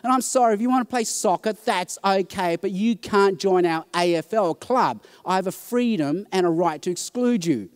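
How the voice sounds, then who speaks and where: A man giving a conference talk, telling stories with animated quoted voices. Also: high-pitched, normal speed, few pauses, clear, resonant tone. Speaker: conference speaker. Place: conference hall.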